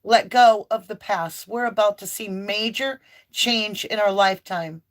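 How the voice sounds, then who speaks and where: Slow, impassioned woman tarot reader. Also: medium pitch. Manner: impassioned, preachy, emphatic declarations. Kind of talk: spiritual tarot reading monologue.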